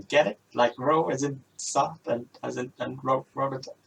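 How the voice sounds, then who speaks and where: A man's voice: medium pitch, fairly even intonation, unhurried, creaky, recorded from a distance, a little hiss or hum, rough recording. A man doing a boastful showman magician. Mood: showy. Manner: loud, grandiose announcements. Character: showy male stage magician, boastful and theatrical.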